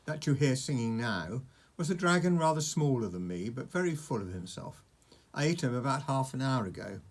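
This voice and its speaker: A man's voice: medium pitch, sing-song, moderate pace. A man voicing a huge, cheerful and menacing male dragon who talks in a pompous, condescending way. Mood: gloating.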